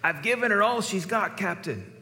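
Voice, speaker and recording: A man's voice: high voice, expressive, moderate pace, bright, forceful tone, big-room sound, voice pushed up, full character voice. A man putting on a put-on as a harried male starship engineer, pleading in a raised voice. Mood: strained.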